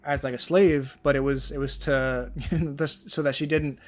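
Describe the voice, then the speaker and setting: A man's voice: medium pitch, fairly even intonation, unhurried, soft background music. A man co-hosting a casual podcast chat who rambles enthusiastically and fills his talk with "like" and "you know". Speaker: podcast co-host.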